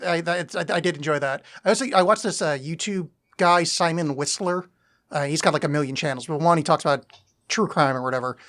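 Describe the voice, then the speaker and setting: A man's voice: on the high side, brisk, fairly bright tone. A man co-hosting a podcast, chatting about a movie in a blunt, offhand way with casual swearing. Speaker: podcast co-host. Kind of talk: casual film-review chat.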